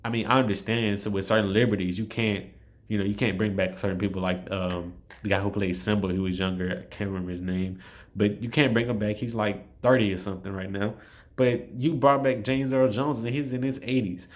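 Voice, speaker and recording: A man's voice: lowish voice, steady tone, a little fast. A man giving a casual spoken film review, rambling and frustrated, with frequent restarts and swearing. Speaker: movie reviewer.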